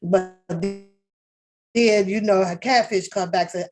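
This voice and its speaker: A woman's voice: mid-range voice, animated, drawn-out words, pauses often. Rambling, profane woman commenting. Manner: rambling, profane, laughs often, many restarts. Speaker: reaction channel host. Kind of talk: casual commentary on a reality show.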